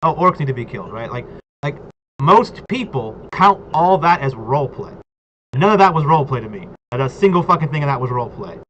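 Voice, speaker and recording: A man's voice: mid-range voice, animated, fairly quick, a bit bright. Rambling man, lo-fi noisy recording. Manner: rambling, fills talk with "like" and "right?". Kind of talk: casual chat about tabletop role-play. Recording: dull lo-fi audio with clear background noise.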